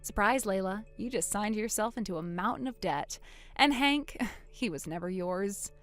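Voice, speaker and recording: A woman voicing a calm, vengeful young woman who coldly springs a trap on her sister in a text-story drama. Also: mid-range voice, moderate pace, soft background music, close to an everyday voice. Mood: cold triumph. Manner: cool, quiet, coldly sarcastic.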